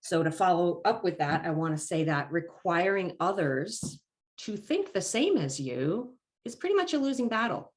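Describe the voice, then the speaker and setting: Calm, encouraging woman coach, lowish voice. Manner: calm, encouraging and measured, stressing key phrases. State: slightly congested from allergies, clears throat. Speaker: life coach. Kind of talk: presented talk.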